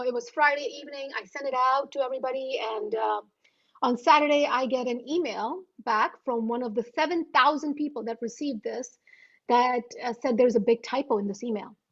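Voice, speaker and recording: A woman in her thirties, a guest author on a video call, telling a self-deprecating story with animated delivery. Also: high-pitched. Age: 30s. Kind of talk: anecdotal storytelling. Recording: muffled lo-fi audio.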